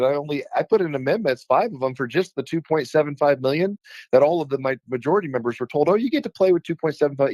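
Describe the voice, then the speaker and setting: A man's voice: medium pitch, darkish tone, dry recording, rough recording. A man from Alaska, a state legislator talking on a radio show, speaking heatedly and emphatically about his frustration. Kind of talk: radio talk show conversation.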